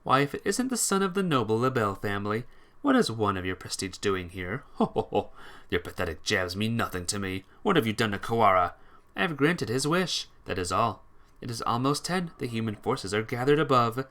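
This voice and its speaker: Man playing a smug, scheming doctor. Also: on the low side. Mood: mocking. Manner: slow, calm and condescending. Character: cold scheming male doctor, calm and smug.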